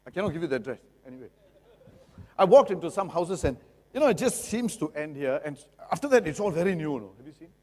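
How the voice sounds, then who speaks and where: A man's voice: a little high, fast talker. Singaporean guy lecturing, jokey, keeps asking the crowd stuff, long hall echo. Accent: Singaporean English. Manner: lively, asks the audience rhetorical questions; jokey, acts out buyers and sellers. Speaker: lawyer giving a seminar talk. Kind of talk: seminar lecture. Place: seminar hall. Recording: long reverb of a seminar hall.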